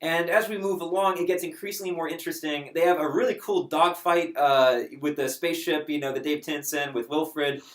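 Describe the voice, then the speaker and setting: A man chatting casually as a reviewer, animated and emotional, with many fillers. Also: on the high side, fairly quick, few pauses, reverberant.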